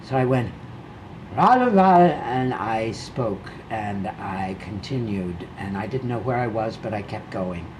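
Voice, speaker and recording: A woman's voice: very deep voice, a little slow, hardly any pauses, background noise. An elderly woman in her eighties, a veteran stage actress, telling a backstage story in an interview and acting out the dialogue vividly. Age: 80s.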